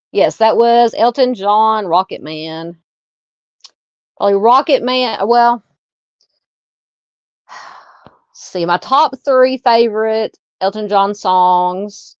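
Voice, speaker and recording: A chatty woman with a Southern American accent hosts a casual live chat and reads viewer comments aloud. Her voice sits at an ordinary pitch. The sound is dull and muffled, with a dry, close feel. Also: dry recording. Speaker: livestream host.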